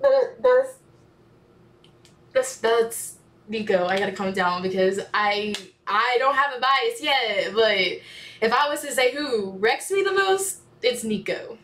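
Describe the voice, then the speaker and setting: A young woman hosting a music reaction channel, gushing excitedly and talking back to the performers on screen. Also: on the high side, slow pace. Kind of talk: casual reaction commentary. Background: faint music playing.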